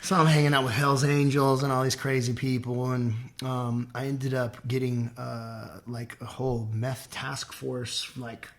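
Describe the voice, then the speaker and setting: A man from southern California, a guest in a casual interview, telling his story in an animated way, with sudden jumps in pitch and loudness as he acts out his past thoughts. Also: unhurried, creaky, hardly any pauses.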